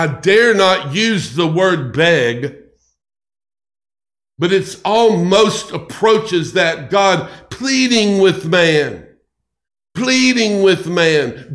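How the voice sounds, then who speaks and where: A pastor preaching a sermon with slow, emphatic, repetitive phrasing. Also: male voice, a little high, fairly bright tone.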